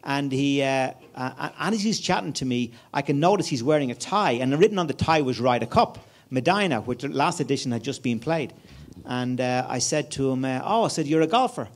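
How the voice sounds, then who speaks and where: An Irish man in his fifties, speaking as a guest at a conference, tells a story to an audience in a conference room. His mid-range voice is a little fast with lively intonation, and his chatty anecdote is full of fillers and restarts.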